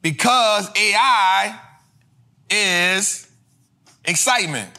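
A man hosting a street-style finance lesson, talking in slang, repeating his points emphatically and bursting into shouts. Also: high-pitched, extremely slow. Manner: emphatic and repetitive, drilling points home. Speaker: host.

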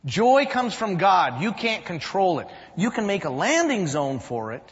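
Lively pastor preaching in a church; high, swooping voice, dull recording with long hall reverb. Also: male voice, a little slow. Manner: animated, storytelling, emphatic. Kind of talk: sermon.

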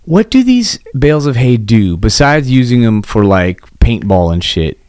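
A man co-hosting a casual podcast chat, excitable and profane, quick to riff. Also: medium pitch, clear, resonant tone, no room sound, studio quality. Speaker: podcast co-host.

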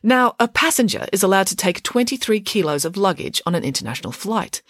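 A woman author reading her children's mystery story aloud for a podcast, clear and expressive. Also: mid-range voice, a little fast, few pauses, no room sound, clean studio sound. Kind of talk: storybook narration.

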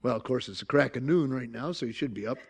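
An older man with an Upstate New York accent, preaching a lively, joking sermon as pastor. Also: mid-range voice, fast talker, vocal fry, breathy edge. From Syracuse, New York. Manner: animated, joking storytelling with laughs.

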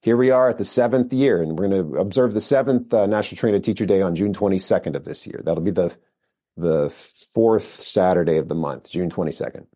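An American man, middle-aged, a firearms instructor telling his story in a relaxed interview, rambling with fillers and restarts. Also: deep voice, a little fast. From United States. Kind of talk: casual interview talk.

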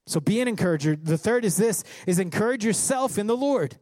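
A male pastor preaching a sermon with passion, climbing toward shouts as he quotes scripture. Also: high voice, animated, a little fast, dry recording. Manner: impassioned preaching, rising to near-shouts when quoting scripture.

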